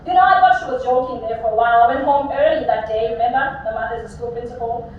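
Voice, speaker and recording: A woman's voice: on the high side, quick pace, a little hiss or hum. A young woman from Africa, giving a commencement speech full of humorous personal stories. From South Africa. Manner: humorous anecdotal storytelling. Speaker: commencement speaker. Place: large graduation venue. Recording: echoey hall, distant mic, dull sound.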